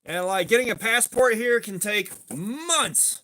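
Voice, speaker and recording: A man hosting a casual livestream, his voice high and forceful. He rambles along, greets viewers by name and swears casually. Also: animated, measured pace. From southeastern United States. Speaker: livestream host.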